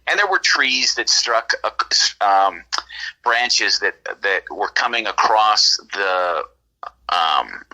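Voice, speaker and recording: A man's voice: on the low side, lively intonation, takes it slowly, sharp tone, rough recording. A man from California telling a long story in a casual, rambling way, full of restarts and "right?" checks. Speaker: podcast guest.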